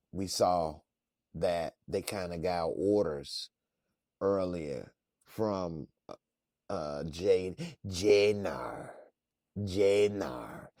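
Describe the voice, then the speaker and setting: A man casually reacting to a TV episode in slangy, laid-back talk with lots of laughter and animated retelling. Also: fairly low pitch, no room sound, clean studio sound. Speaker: reviewer.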